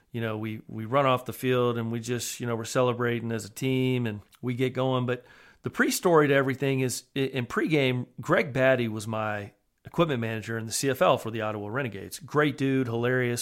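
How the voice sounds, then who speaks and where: A man who once played football talks on a sports podcast in an earnest, conversational way. He slips easily into telling stories from his career at a middle pitch. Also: fairly quick. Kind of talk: casual sports podcast chat and storytelling.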